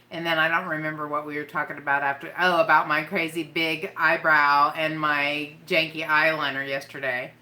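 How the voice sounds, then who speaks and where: Lady rambling on a makeup livestream, bright voice, giggles a lot, talks to chat. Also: sits low. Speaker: makeup vlogger. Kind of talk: casual live-stream chat.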